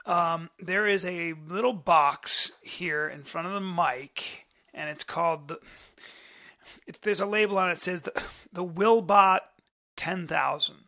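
A man's voice: high voice, unhurried, sharp tone. A man co-hosting a comedy podcast, brash and combative, swearing in playful banter. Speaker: podcast co-host.

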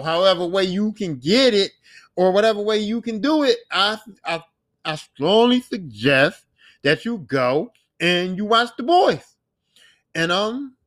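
Young male podcast host, high voice, loose and profane, rambling solo chat with boastful asides. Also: fairly bright tone. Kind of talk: casual solo podcast monologue.

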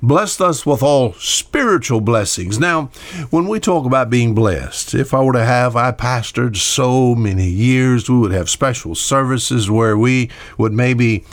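An older man preaching a radio sermon as host, in a folksy, conversational way, often repeating words and pausing on fillers. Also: mid-range voice, no echo.

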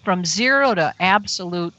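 A woman guest on a talk radio show, telling a personal story in an earnest, animated way, voicing her own thoughts as she goes. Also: fairly low pitch, moderate pace, dry recording, rough recording.

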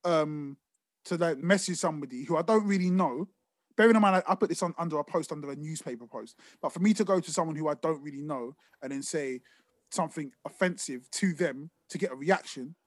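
Young man, slightly high voice, dry close sound, casual storytelling podcast. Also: brisk, no room sound. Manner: laughing, swearing, animated storytelling. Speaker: podcast co-host. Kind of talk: casual chat.

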